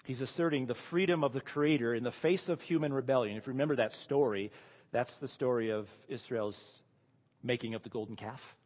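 A man's voice: mid-range voice, a little fast, darkish tone, big-room sound. A man preaching an expository sermon, reading scripture aloud and then explaining it with emphatic rhetorical questions.

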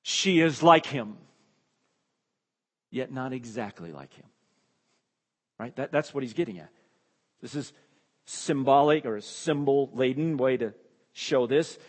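A man's voice: mid-range voice, expressive, measured pace, long pauses, in a large hall. A man preaching an expository sermon, emphatic and repeating key phrases, his voice rising when he exclaims.

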